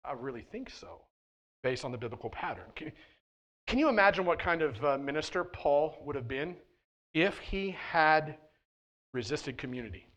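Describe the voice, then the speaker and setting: A man with a slightly higher-than-average voice preaches a sermon in church. He speaks casually and conversationally, tossing in frequent "right?" check-ins. He moves between quiet, low asides and loud, emphatic points. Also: lively intonation, normal speed, dull audio. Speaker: pastor. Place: church sanctuary.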